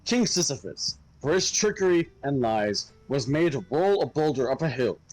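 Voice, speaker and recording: A man's voice: a little high, lively intonation, normal speed, darkish tone, dry recording, poor audio. Man stumbling through a read-aloud. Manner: stumbles over names, joking asides. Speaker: co-player reading aloud. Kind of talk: casual read-aloud of game text.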